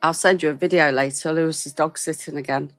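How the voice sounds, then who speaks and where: A woman's voice: low voice, steady tone, brisk, no echo, faint music behind. A middle-aged British woman hosting a casual live stream and chatting through viewer messages. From Britain. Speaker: host.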